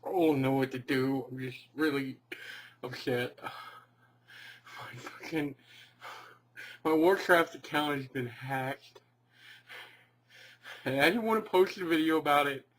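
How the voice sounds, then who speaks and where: A man's voice: on the high side, slow, pauses often, a bit bright, low-quality recording. A man playing an enraged young gamer who rants at his camera, shrieking, swearing and sobbing. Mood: tearful, upset. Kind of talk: comedic rant video.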